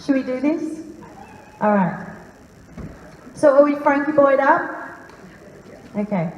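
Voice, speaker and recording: A woman calmly guiding a live audience through a breathing meditation in a large hall, speaking slowly and soothingly. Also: sits high, a little hiss or hum. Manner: calm, slow and soothing. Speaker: workshop leader. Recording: roomy hall reverb, faint ambience.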